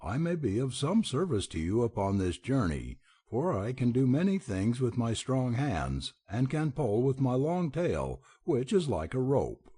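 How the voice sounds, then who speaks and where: A man's voice: medium pitch, very animated, measured pace, hardly any pauses, dark tone, slightly rough. A man voicing a clever, helpful male monkey in a storybook, speaking earnestly.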